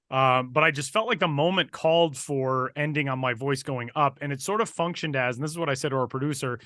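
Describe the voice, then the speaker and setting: A man tells a story on a podcast in a casual, lively way. His voice is bright and forceful. The sound is dry and close, with no room around it. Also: mid-range voice, no echo. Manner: animated, building excitement while recounting. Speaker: podcast co-host and broadcaster.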